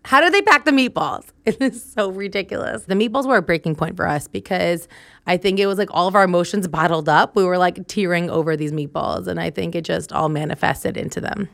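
A woman's voice: on the low side, steady tone, brisk, vocal fry, no room sound, clean studio sound. A young woman hosting a solo podcast, telling a story in a chatty way and laughing often. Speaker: podcast host.

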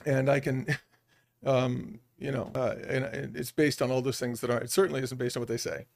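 A middle-aged man speaking as a business-leader guest on a podcast, an animated storyteller who acts out bits of quoted dialogue. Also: medium pitch, normal speed, gravelly. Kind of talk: podcast interview.

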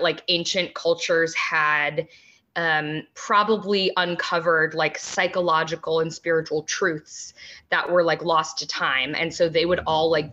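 A woman guest on a podcast, explaining things in casual chat with many pauses and ums. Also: on the low side, fairly bright tone, lo-fi sound.

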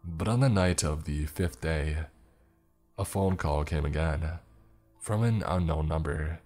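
Deep slow-voiced man narrating horror. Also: darkish tone, soft background music. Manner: slow, grave storytelling.

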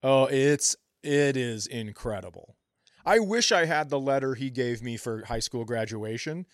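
Man, forties, podcast co-host, casual comedic chat, swears a lot, mid pitch, dry close mic. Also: animated, unhurried, no room sound. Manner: swearing, laid-back storytelling.

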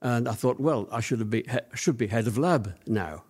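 An older man recalls his past for an interviewer in an ordinary mid-range voice. He wanders through his story, pausing on fillers and restarting sentences as the memories surface. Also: medium pitch, a little mellow, slightly rough. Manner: rambling reminiscing with many fillers. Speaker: interview guest.

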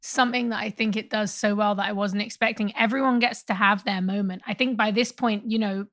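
A woman's voice: medium pitch, fairly even intonation, a little fast, fairly bright tone. A woman co-host chatting casually and enthusiastically about a film, filling her speech with "like". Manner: enthusiastic, heavy use of "like". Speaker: podcast co-host. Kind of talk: casual chat.

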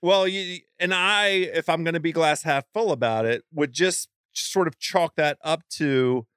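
A man's voice: on the high side, a little slow, fairly bright tone, clear, resonant tone, no room sound, clean studio sound. A man co-hosting a podcast, chatting casually about golf in a laid-back way with lots of fillers. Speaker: podcast co-host.

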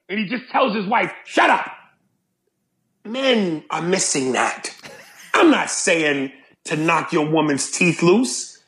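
A man chatting casually on a podcast, talking in an animated way and acting out lines in other voices. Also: vocal fry. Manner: animated, jumps between deep and high put-on quotes. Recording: roomy echo.

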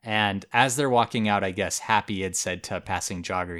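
Podcast co-host, male, easygoing storyteller, low-ish voice, chatty with fillers. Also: a little fast, a bit bright. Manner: storytelling, laughs often, casual filler words. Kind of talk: casual chat.

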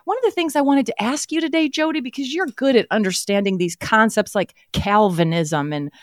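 A woman's voice: on the high side, brisk, no echo, studio quality, natural voice. A woman playing an earnest, folksy Christian mother who hosts a talk show and nitpicks word choices, on an improvised comedy podcast. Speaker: host.

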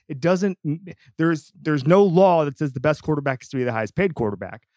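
A man's voice: on the high side, brisk, hardly any pauses, dry recording. Emphatic man hosting a sports podcast. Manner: animated, emphatic, with frequent restarts. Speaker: podcast host. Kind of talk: casual sports talk.

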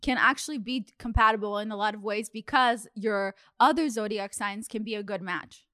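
A woman's voice: mid-range voice, fairly even intonation, moderate pace, bright, forceful tone, dry recording, studio quality. A young woman hosting a podcast in casual chat, chatty and affirming toward her guest. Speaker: podcast host.

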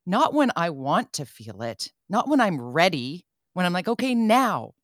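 A woman's voice: lowish voice, big pitch swings, moderate pace, dry recording, studio quality. A woman hosting a talk radio show, chatting candidly with a guest and laughing easily. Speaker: radio host.

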